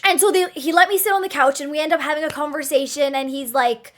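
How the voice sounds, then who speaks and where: A young woman talks straight to her stream chat, telling a story in a loose, casual way. Her voice sits very high, and her delivery is animated, with plenty of swearing. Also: fast, hardly any pauses.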